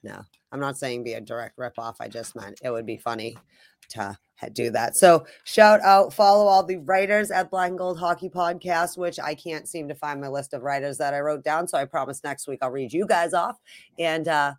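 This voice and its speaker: A woman's voice: sits low, moderate pace, dry recording, studio quality. A woman co-hosting a sports podcast in casual chat, teasing and joking with her partner. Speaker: podcast co-host.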